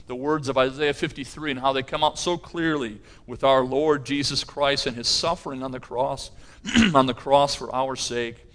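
A man's voice: mid-range voice, a bit bright. A middle-aged pastor preaching a sermon, earnest, with his voice rising in intensity on key phrases.

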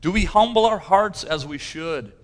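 Man, pastor, sermon, earnest, rising intensity, slightly high voice. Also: animated, moderate pace. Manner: earnest preaching, rising in intensity on key phrases.

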